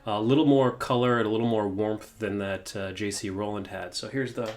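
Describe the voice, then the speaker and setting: A man's voice: fairly low pitch, fairly quick. A man hosting a guitar amp tutorial, talking casually with lots of "uh"s and restarts. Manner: relaxed, many fillers and restarts. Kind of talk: casual gear demonstration.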